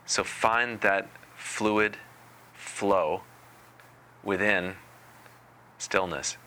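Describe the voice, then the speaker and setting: Slow, low-voiced meditation teacher. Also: male voice. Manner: unhurried, deliberate, gently playful. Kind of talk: spiritual talk.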